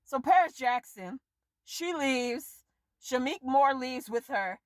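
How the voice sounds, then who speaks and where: A woman vlogger in an exasperated, profane rant about a film she reviews, her voice swinging sharply up and down. Her pitch sits on the high side, and the recording is close and dry with no room sound. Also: lively intonation, slow, dry recording. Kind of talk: casual rant to camera.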